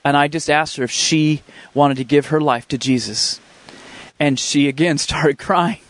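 Speaking with a fairly high, steady, fairly bright voice, a man recounts his faith testimony. The telling is fervent and earnest, and he keeps breaking off to restart sentences.

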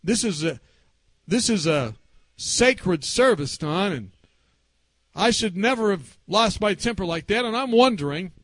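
A man's voice: high voice, unhurried, long pauses, no room sound. A man voicing his elderly, devout grandfather, who talks earnestly and pleads, repeating himself. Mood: remorseful. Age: older.

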